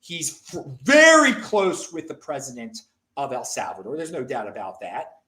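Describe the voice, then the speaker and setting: An American man hosting a casual talk show, rambling excitably with frequent restarts and stammers. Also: mid-range voice, moderate pace. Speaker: show host.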